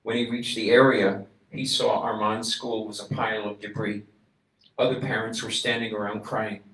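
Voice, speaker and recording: A man, a rabbi, telling a story in a sermon, acting out the voices of its people and building to loud, emphatic calls. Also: lowish voice, flat delivery, normal speed. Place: synagogue. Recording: echoey room, voice a bit distant from mic.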